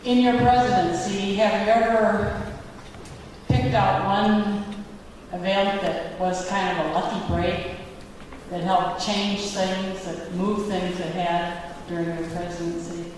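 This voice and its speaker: A woman in an audience, asking a question at a slow, unhurried pace and a flat, level pitch. She is heard from far off in a reverberant hall with clear background noise. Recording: distant, echoey hall with noise.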